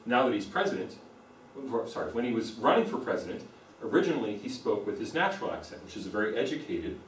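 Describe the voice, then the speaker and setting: A man's voice: on the low side, big pitch swings, quick pace, far from the mic, slight background noise. American man lecturing in a roomy hall. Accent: General American. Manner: explanatory, repeats points for emphasis. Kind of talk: university lecture. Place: lecture room. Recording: roomy echo, speaker away from the mic.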